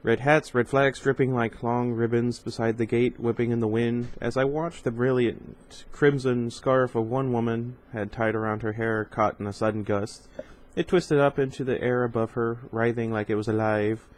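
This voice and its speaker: A man's voice: mid-range voice, fairly even intonation, normal speed, few pauses, poor audio. A man reading a novel aloud in an informal way, with casual asides and stumbles over hard words. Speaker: reader.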